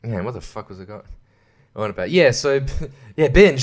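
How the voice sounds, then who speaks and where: A man hosting a solo podcast, ranting with lots of swearing, frequent laughter and hushed asides. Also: medium pitch, sing-song, a little fast. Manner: profane, ranting, laughs often. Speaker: podcast host.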